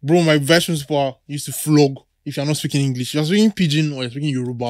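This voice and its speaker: A man's voice: fairly high pitch, quick pace, a little mellow, no room sound, studio quality. A man from Nigeria with a Nigerian accent, co-hosting a podcast and telling anecdotes with frequent laughs. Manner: laughs often, calls people bro. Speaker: podcast co-host. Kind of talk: casual chat, telling anecdotes.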